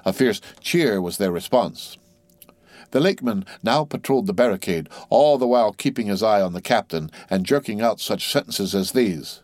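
A man giving steady, measured scripted narration of a classic novel as an audiobook reader. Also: lowish voice, dry recording.

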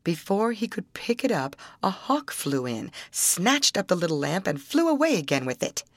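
A woman reads a fairy tale aloud in a lower register, her voice moving a lot in pitch as she tells the story. The sound is dry and close, with no room around it. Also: moderate pace, no echo. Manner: expressive, acting out the characters in raised voices.

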